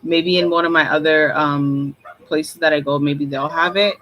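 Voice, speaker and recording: A woman's voice: deep voice, fairly even intonation, moderate pace, a bit bright, rough recording. A woman hosting her channel, chatting casually to viewers in a rambling way, full of "like" and laughs. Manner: rambling, repeats "like", laughs often. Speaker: intuitive reader and channel host.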